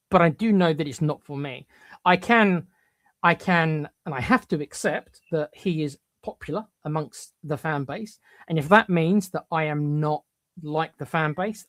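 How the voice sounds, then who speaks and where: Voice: medium pitch, dry recording. Blunt, opinionated wrestling podcast co-host. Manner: blunt, emphatic, stutters into repeated restarts.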